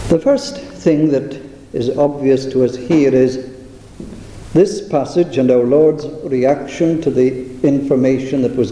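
A man preaching a sermon in a measured, deliberate way, slowing down to stress key phrases. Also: medium pitch, warm tone. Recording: echoey hall.

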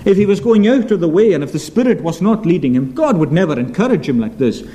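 A male preacher giving an earnest expository sermon, asking rhetorical questions and reading scripture aloud slowly. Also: high-pitched, very animated, dark tone.

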